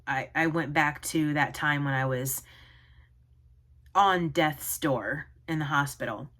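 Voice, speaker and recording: A woman in her forties vlogging to camera, talking in an earnest, halting way with many pauses. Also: sits low, a bit bright. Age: 40s. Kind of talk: personal vlog talk to camera.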